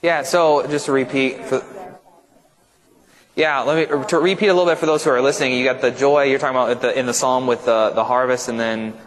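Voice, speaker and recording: A man's voice: mid-range voice, steady tone, a little fast. A male pastor leading an informal Bible study, talking conversationally and often checking in with his listeners. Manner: conversational, keeps checking in with "right?". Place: church, large echoey room. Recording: echoey hall reverb.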